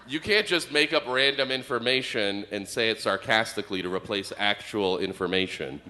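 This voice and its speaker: A man's voice: fairly low pitch, normal speed, sharp tone, a little hiss or hum. A man doing a stand-up comedy set as co-host, telling rambling observational stories on stage. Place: stage before a live audience.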